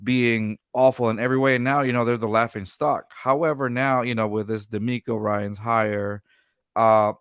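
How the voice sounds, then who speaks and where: A man's voice: mid-range voice, fairly even intonation, moderate pace, clear, resonant tone, dry recording. Guy hosting a sports pod, mid voice, rambly, dry close mic. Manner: rambling, restarts a lot, laughs often. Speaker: podcast host. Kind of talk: casual sports chat.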